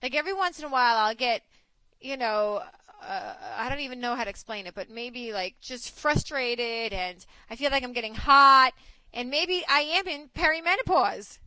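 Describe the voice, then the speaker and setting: A woman in her forties hosting a casual chat, telling stories in an animated way and acting out quotes. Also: sits high, normal speed, smooth, no echo, rough recording. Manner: chatty, animated storytelling with acted quotes. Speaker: host.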